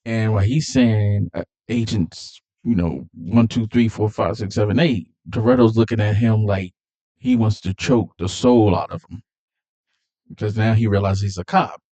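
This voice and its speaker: A man's voice: lowish voice, moderate pace, mellow. A man casually recapping a movie plot, rambling with fillers and repeated words. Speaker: movie reviewer.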